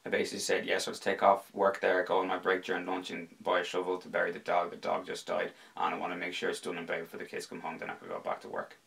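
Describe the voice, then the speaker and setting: A man's voice: low-pitched, fast, creaky, few pauses, a bit bright, full character voice. A man voicing a rural man who mumbles and runs his words together. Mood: gabbling. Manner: gabbling, words run together.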